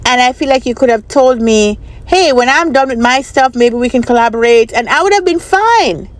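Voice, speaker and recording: Woman vlogger, casual storytelling, chatty and repetitive, slightly high voice. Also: expressive, moderate pace. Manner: chatty, repeats herself, asks the viewer for opinions. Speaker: vlogger and business analyst trainer.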